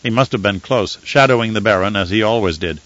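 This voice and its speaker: A man reading a novel aloud as an audiobook narrator, in measured, even storytelling. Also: fairly low pitch. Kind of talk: scripted narration. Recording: dull lo-fi dry audiobook recording.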